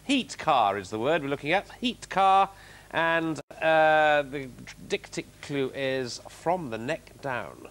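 A man's voice: a little high, animated, takes it slowly, background noise. A man hosting a television word game in a studio, chatting and teasing in a light, punning way. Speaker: game show host. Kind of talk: light-hearted studio banter.

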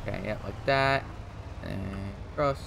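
Low, slow, and marked by vocal fry, this man's voice comes through over background noise. He's a gaming streamer casually talking through his play, rambling in a self-mocking way and sometimes yelping at the screen.

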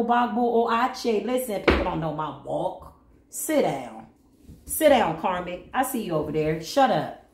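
A woman giving a spiritual reading to camera in a casual, sassy, confrontational and preachy way. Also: mid-range voice. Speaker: spiritual reader. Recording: roomy echo.

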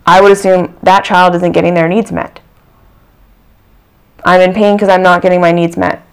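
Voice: mid-range voice, level tone, normal speed, vocal fry, clean tone. A channel host giving a reflective self-help talk, earnest and repeating phrases for emphasis.

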